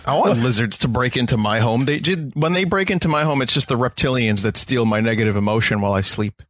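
A man's voice: mid-range voice, animated, quick pace, fairly bright tone, dry recording, studio quality. A man guesting on a podcast in casual chat, laid-back and self-deprecating.

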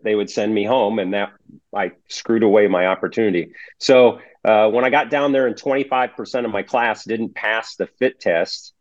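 A man in his sixties being interviewed, speaking in a measured, plainspoken way with frequent pauses and fillers. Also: fairly low pitch, no room sound. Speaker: guest, retired federal agent. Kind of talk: conversational interview. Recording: slightly muffled audio.

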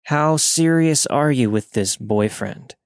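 A man's voice: mid-range voice, takes it slowly, clear, resonant tone, no room sound. A man reading the lines of a pushy, leering middle-aged male trucker with a Southern drawl, in a dry close recording. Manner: leering, drawling, turns crude and aggressive.

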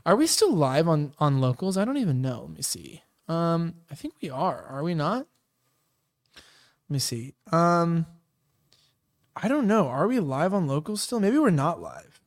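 A man with a notably high voice hosts a casual livestream after-show. He rambles, trails off into fillers and cracks loose jokes as he goes. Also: very animated, a little slow. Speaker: host.

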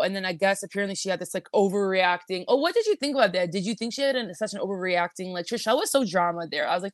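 A woman co-hosting a podcast, rambling casually with lots of fillers and quick asides. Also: medium pitch, animated, no echo, clean studio sound. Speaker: podcast co-host. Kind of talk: casual recap chat.

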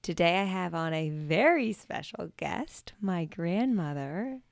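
A woman's voice: lowish voice, animated, a little slow, creaky. A young adult woman hosting a podcast, chatting and laughing easily with her grandmother in a home basement. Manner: friendly, chatty, laughs often. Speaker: podcast host. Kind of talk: casual podcast interview.

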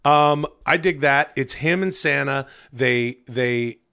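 A man co-hosting a podcast in casual chat, excitable and rambling, with many fillers and frequent swearing. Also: mid-range voice, takes it slowly, clear, resonant tone. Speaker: podcast co-host.

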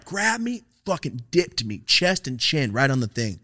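A man's voice: medium pitch, big pitch swings, moderate pace, bright, forceful tone, no echo, studio quality. A young man hosting a casual podcast, telling a profane story and acting out the voices of the people in it.

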